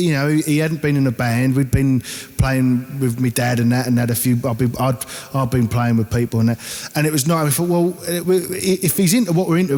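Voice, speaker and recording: A man with an Essex accent telling an animated, sweary band anecdote in casual conversation. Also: mid-range voice, big-room sound. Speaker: band member. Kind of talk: casual storytelling.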